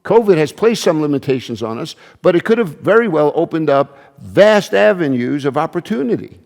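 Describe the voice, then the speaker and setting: A man's voice: a little high, very animated, moderate pace, creaky, a little mellow, in a large hall. A man preaching a sermon as pastor, in a conversational style with frequent restarts and asides. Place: church.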